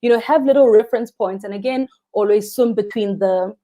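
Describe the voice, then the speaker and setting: Guest spot: young South African woman, warm mellow tone, earnest and expressive about the ocean. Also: mid-range voice, fairly quick. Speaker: freediving instructor, guest. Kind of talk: live interview chat.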